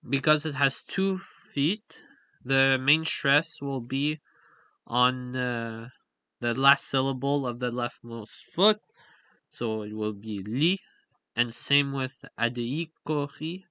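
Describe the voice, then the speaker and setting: A man's voice: mid-range voice, bright, forceful tone, smooth, no room sound. A man explaining a language's stress patterns in a casual, hesitant way, full of fillers and self-corrections. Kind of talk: casual explainer with on-screen examples.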